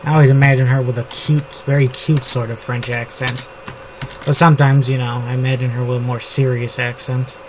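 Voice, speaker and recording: Flat-voiced man musing over keyboard typing. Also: medium pitch. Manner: reads his draft aloud slowly, then rambles with fillers. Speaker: novelist. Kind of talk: writing session, thinking aloud. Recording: steady background noise with keyboard typing. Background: computer keyboard typing.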